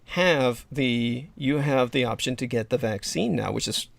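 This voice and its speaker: A man's voice: medium pitch, measured pace, vocal fry, no room sound. A sleep-deprived man hosting a casual livestream chat, rambling with lots of fillers and restarts. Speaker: livestream host.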